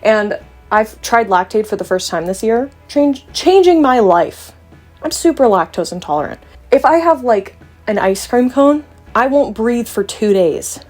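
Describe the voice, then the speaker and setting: A woman's voice: on the high side, lively intonation, measured pace, a little mellow, soft background music. A young woman from Canada, a vlogger chatting playfully to camera with joking asides. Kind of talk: casual chat to camera.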